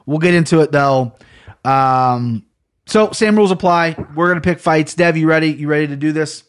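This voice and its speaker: A man's voice: a little high, normal speed, clear, resonant tone. A man hosting a casual sports betting podcast, chatty and rambling, often correcting himself mid-sentence. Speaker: podcast host. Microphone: headphones on a studio setup.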